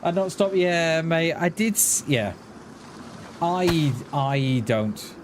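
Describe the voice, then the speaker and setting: A man streams a game and chats loosely with his viewers. He rambles, circles back and restarts his words. His voice sits a bit high, and clear background noise runs under the stream audio. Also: slow. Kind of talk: casual chat while gaming.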